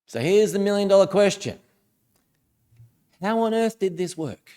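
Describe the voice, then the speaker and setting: A man with a high voice gives a sermon in a relaxed, chatty manner. He reads scripture aloud and leans hard into the dramatic lines. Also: a little slow. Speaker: minister.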